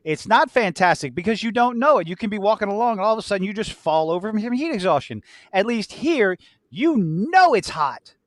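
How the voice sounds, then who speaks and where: A man's voice: high-pitched, very animated, fairly quick, no echo, studio quality. A man co-hosting a casual podcast chat, from southern Louisiana, rambling, laughing often and swearing. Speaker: podcast co-host.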